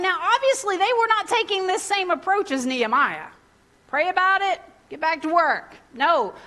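A woman, preaching a sermon in a lively, conversational way and acting out the people in the story. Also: sits high. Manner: lively, conversational, acts out biblical characters in casual voices.

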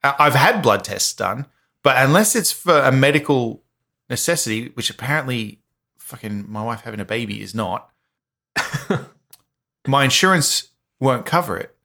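A man with a bright, forceful voice chats casually as a co-host. He rambles through his stories with plenty of fillers and restarts. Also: mid-range voice, expressive, measured pace, creaky, pauses often. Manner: rambling, filler-heavy storytelling. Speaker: podcast co-host. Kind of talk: casual chat.

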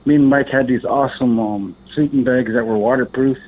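Over a phone-like, tinny recording, a man with a mid-range voice speaks briskly. He's an Alaskan podcast guest spinning a rambling, casual story, lively throughout, with some swearing and impressions of what people said.

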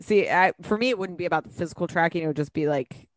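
A woman co-hosting a podcast in casual chat, animated and profane, laughing often. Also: on the low side, fast, no room sound, studio quality. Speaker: podcast co-host.

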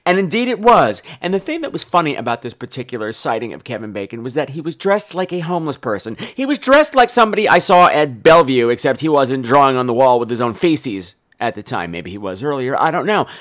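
Man, podcast host, profane, theatrical, comic storytelling, lively pitch. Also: fast.

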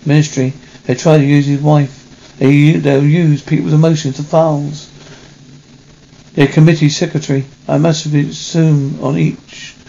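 A man reading a film script aloud in a halting way, correcting himself as he goes. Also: on the high side, little pitch movement, vocal fry, dark tone, lo-fi sound. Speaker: reader.

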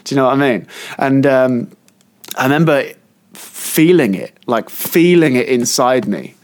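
A man's voice: medium pitch, lively intonation, a little slow. A man co-hosting a casual podcast chat, telling long stories that wander, trail off and restart as he goes. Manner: rambling storyteller who often trails off and restarts. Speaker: podcast co-host.

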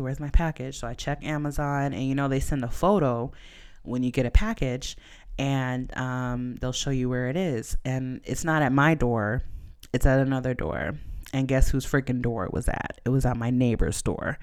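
A woman podcast host telling a personal story in a chatty, animated way, full of "like" and "you know". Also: very deep voice, clean tone. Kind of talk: casual storytelling monologue.

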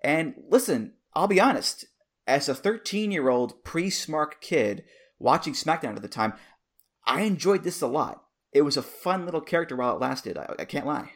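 A man in his thirties co-hosts a podcast, chatting casually and enthusiastically and laughing easily as he reminisces. His voice is fairly high and sing-song, at a moderate pace.

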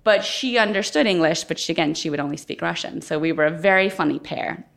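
A woman's voice: low-pitched, fast talker, vocal fry, fairly bright tone. A woman interviewed as a guest, telling her story candidly and thoughtfully in conversation. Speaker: guest, former Olympic figure skater.

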